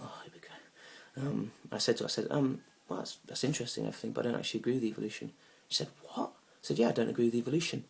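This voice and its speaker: A young man telling a comic story about a bad date, awkward and rambling, now and then bursting into loud indignant rants. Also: medium pitch, vocal fry. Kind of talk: deadpan comic monologue.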